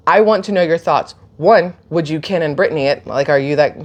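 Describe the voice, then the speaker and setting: Woman, lowish voice, animated casual vlog storytelling, recorded on a phone. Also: fairly quick, lo-fi sound. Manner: animated, chatty, laughs and gasps while retelling. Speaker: vlogger.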